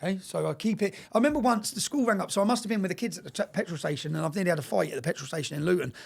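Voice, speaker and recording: A man telling a story in an interview, talking fast, swearing and repeating words, often asking "yeah?". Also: sits high, animated, gravelly, breathy edge. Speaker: interview guest.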